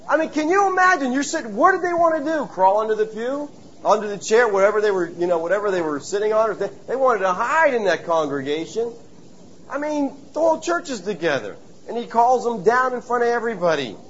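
A man preaching a sermon, telling stories and acting out voices with lively animation. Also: high voice, a little fast, highs cut off, a little hiss or hum. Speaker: pastor.

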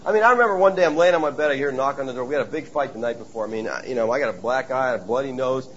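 A man preaching a sermon, telling stories and acting out voices with lively animation. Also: medium pitch, very fast, highs cut off, slight background noise. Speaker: pastor.

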